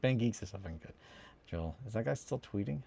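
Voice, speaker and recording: A man rambles through a casual hobby livestream, with a lively voice that jumps up and down in pitch. He talks loosely, drifts between topics and answers his chat as he works. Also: brisk, creaky. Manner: rambling, animated, breaks into quoted cartoon lines. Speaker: streamer.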